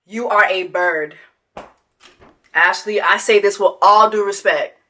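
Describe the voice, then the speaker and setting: A woman's voice: medium pitch, measured pace, pushed and bright. A woman, giving a sassy, profane reality TV reaction commentary that mocks its subject and breaks into sung quacking. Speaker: commentary host.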